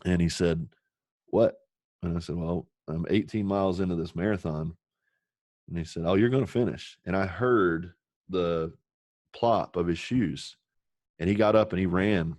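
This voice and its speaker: Deep, earnest man telling a story. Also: fairly even intonation, a little slow, long pauses, a little mellow, dry recording, studio quality. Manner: earnest, emotional, swears casually. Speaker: podcast guest. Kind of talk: candid podcast storytelling.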